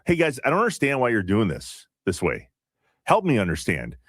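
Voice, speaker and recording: A man co-hosting a sports radio show in casual talk, measured and questioning as he argues his point. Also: fairly low pitch, wildly swooping pitch, fairly bright tone, breathy edge, dry recording, studio quality.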